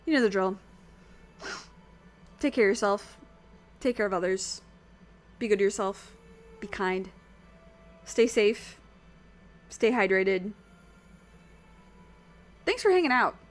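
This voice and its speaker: A woman with a rough, worn throat, chatting casually with her viewers while streaming a video game, rambling and swearing now and then. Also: mid-range voice, fairly even intonation, takes it slowly, long pauses, faint music behind.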